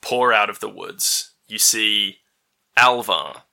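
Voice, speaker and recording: A man runs a tabletop game in a bright, crisp voice. He narrates casually and chattily, swearing now and then. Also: fairly low pitch, slow. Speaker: game master.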